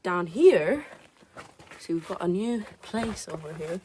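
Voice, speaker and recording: Brief: excitable woman, rambling vlog talk, handheld camera outdoors, faint background noise. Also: lowish voice, slow pace. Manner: chatty, rambling, excitable, slangy. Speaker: vlogger. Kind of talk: casual vlog narration while exploring. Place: outdoors at a ruined castle, rainy.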